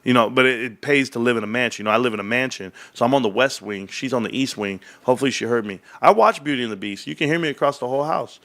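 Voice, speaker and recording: A man's voice: medium pitch, fast talker, few pauses. A man hosting a casual livestream, rambling and joking as he chats and reads the chat. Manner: rambling, animated, jokey. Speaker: livestream host.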